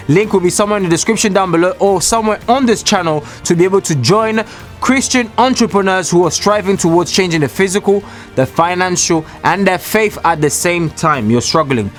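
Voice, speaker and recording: A man with a somewhat high voice delivers a preachy motivational talk alone in a small room. He speaks straight to his viewers, emphatic and repetitive. Faint music plays underneath.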